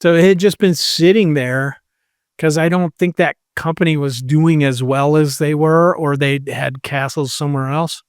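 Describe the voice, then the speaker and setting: Man, podcast co-host, rambling storyteller, slightly high voice, dry close sound. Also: steady tone, normal speed, clean tone, no echo. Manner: rambling, quotes people with "he's like". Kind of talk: casual storytelling chat.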